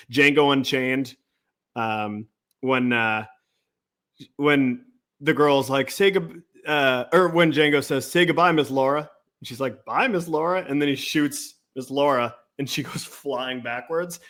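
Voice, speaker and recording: A man co-hosts a podcast and tells stories in a relaxed, wandering way. His voice sits at an ordinary middle pitch, and his delivery is easygoing and unhurried. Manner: rambling, laid-back storytelling. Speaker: podcast co-host. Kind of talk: casual chat.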